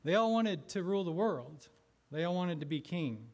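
A man's voice: sits high, lively intonation, normal speed. A man preaching a sermon in church, narrating an imagined scene with vivid, theatrical storytelling. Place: church sanctuary.

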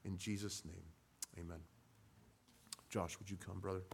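A man leading a congregational prayer in church, speaking haltingly with frequent pauses. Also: low-pitched, flat delivery, creaky, a little hiss or hum. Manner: halting, with many pauses and fillers. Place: church sanctuary.

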